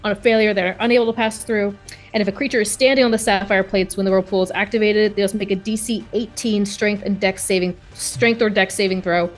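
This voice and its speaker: A woman with a mid-pitched voice, playing in a tabletop game and describing her moves hesitantly with many fillers. Soft music sits in the background. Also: steady tone, a little fast. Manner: hesitant, full of fillers and restarts. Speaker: player.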